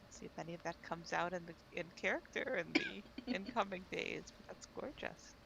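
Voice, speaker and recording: A woman's voice: on the low side, moderate pace, creaky, a bit bright, slight background noise, low-quality recording. A woman facilitating a tabletop role-playing game, chatty and encouraging. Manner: chatty, encouraging, laughs easily. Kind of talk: casual tabletop game chat.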